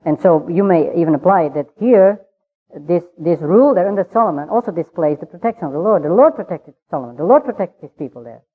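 A man giving a measured, verse-by-verse Bible study, pausing often and filling gaps with "uh". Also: sits high, lively intonation, breathy edge. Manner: measured, unhurried, with frequent pauses and fillers. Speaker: Bible teacher. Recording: tinny phone-like sound.

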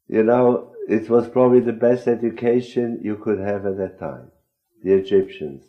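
A man's voice: lowish voice, normal speed, dark tone, low-quality recording. A man leading a group Bible discussion, earnest and often posing questions to his listeners. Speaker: Bible study speaker.

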